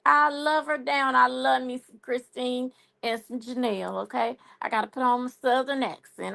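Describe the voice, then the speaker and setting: A woman's voice: sits high, fairly even intonation, moderate pace, gravelly, bright, forceful tone. A woman hosting a live stream, chatting casually about a TV show and saying y'all a lot. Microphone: phone.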